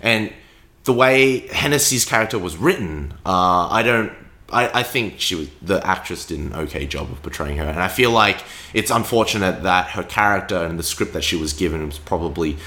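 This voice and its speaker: A man's voice: deep voice, expressive, normal speed, pushed and bright. A young man chatting casually about a film he is reviewing, hesitant and full of fillers and restarts. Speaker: podcast co-host reviewing a film.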